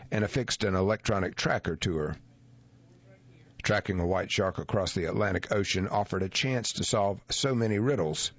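A man with a very deep voice narrates a nonfiction article in a measured, even read. The recording is dry and close, with a slightly dull, lo-fi tone. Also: no room sound. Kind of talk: scripted narration of a magazine article.

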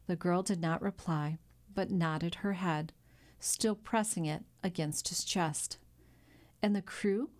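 A woman narrating a classic novel in a measured, even storytelling delivery. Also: fairly low pitch. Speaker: audiobook narrator. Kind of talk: scripted narration.

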